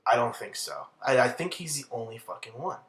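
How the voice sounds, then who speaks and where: A man's voice: mid-range voice, animated, brisk, a bit bright. A young man giving casual, rambling video commentary with heavy swearing and crude asides. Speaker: commentary channel host.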